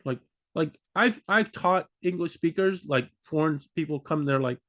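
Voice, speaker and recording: A man's voice: a little high, lively intonation, brisk, a bit bright. A man, a language learning vlogger, talking unscripted to camera in a rambling way, restarting sentences and acting out confused learners. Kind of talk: unscripted casual talk to camera.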